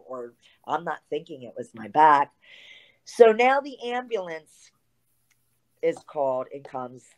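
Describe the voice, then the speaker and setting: A woman's voice: low-pitched, rough recording. A middle-aged woman, a guest telling a story in a casual interview and acting out the lines of the people in it. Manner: animated storyteller acting out quoted dialogue, swears freely.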